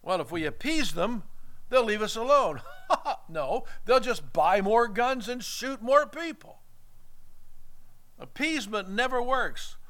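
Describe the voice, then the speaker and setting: A man's voice: high-pitched, animated, a little slow, long pauses, a bit bright. A man preaching a sermon in an emphatic, folksy way, reading scripture aloud between remarks.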